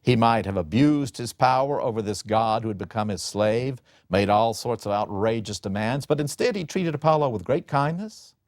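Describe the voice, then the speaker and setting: A man giving a lecture on a classic Greek play, telling the story in an animated, dramatic way. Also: medium pitch, normal speed, hardly any pauses, no room sound, studio quality.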